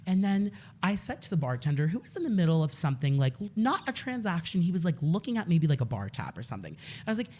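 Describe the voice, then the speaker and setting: A man's voice: a little high, sing-song, fast, a little mellow. A man co-hosting a podcast, telling a night-out story in casual chat and acting out the voices. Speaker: podcast co-host.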